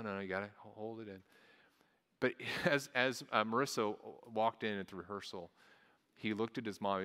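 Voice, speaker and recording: A man's voice: lowish voice, bright, forceful tone, in a large hall. A man preaching a sermon in a conversational way, stumbling over restarts and adding small asides. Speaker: pastor.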